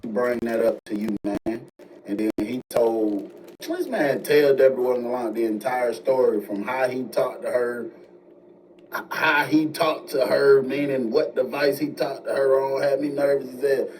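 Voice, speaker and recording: A man telling a jailhouse-style story in casual, animated slang. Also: medium pitch. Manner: animated, slangy, fast asides. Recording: distant mic with faint noise.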